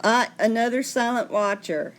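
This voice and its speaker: A woman's voice: fairly high pitch, normal speed. A woman hosting a casual livestream, chatting and answering viewer comments. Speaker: livestream host.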